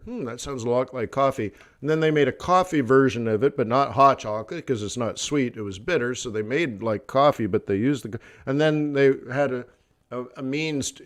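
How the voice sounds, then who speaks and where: A man hosting a trading livestream in casual chat, rambling between topics, laughing often and acting out quoted voices. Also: medium pitch. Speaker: forex trading livestream host.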